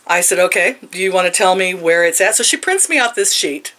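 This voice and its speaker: A woman's voice: lowish voice, lively intonation, fast talker, bright, forceful tone. A woman in her sixties telling a story in a casual rant, sarcastic and laughing often. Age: 60s. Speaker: vlogger.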